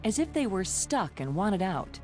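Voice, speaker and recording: A woman's voice: medium pitch, sing-song, unhurried, music in the background. A woman voicing a sardonic, confident reporter in a video game, with a dry, wry delivery. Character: sardonic, confident female journalist.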